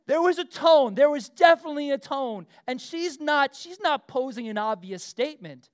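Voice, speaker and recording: A middle-aged man preaching a casual, animated sermon, full of asides, fillers and quick questions to the room. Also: extremely high pitch. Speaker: pastor.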